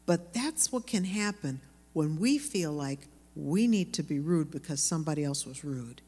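A woman preaching to a room of women, earnest and lively as she tells stories. Her voice carries a long reverb, as if from a large hall. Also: lowish voice, normal speed, few pauses. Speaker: women's Bible teacher. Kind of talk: sermon to women.

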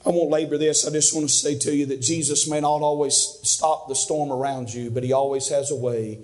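High-voiced man preaching a sermon. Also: steady tone, a little fast, hardly any pauses, darkish tone. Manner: earnest, rising to fervent peaks. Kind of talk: sermon storytelling.

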